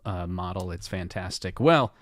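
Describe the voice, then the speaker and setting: A man's voice: sits low, lively intonation, moderate pace, no echo. A man co-hosting a podcast, joking around in casual chat with a mock sponsor read. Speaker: podcast co-host.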